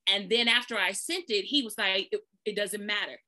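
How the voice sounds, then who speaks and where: A woman sharing a casual spoken testimony. She tells a lively story, acts out other people's voices with big pitch jumps and often speaks straight to her listeners. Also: moderate pace. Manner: folksy, addresses listeners as "y'all".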